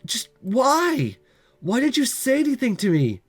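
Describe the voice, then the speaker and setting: Brief: hurt, pleading teen girl, read by a man with a cold, high voice over soft music. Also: huge pitch swings, measured pace, full character voice. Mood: hurt, accusing. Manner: pleading, rising to accusation. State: has a cold. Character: teenage girl, childhood friend, emotional and hurt. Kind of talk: visual novel voice reading.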